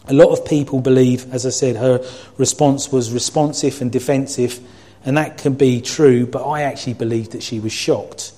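A man delivering a sermon with a mellow, warm tone at a middling pitch. He talks earnestly and reflectively, teaching from scripture point by point. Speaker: preacher.

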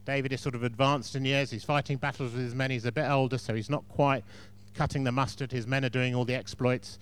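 Man, preacher, chatty sermon, storytelling, asides to the congregation, smooth resonant voice. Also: medium pitch, steady tone, fast talker.

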